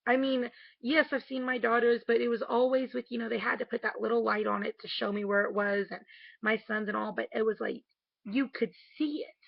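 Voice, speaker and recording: A woman speaks straight into her camera at home late at night in a candid, emotional way, with the odd casual swear. Her voice is fairly high, gravelly and husky. It is close and dry but dull and lo-fi. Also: level tone, fairly quick, no echo. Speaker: vlogger. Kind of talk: casual video diary.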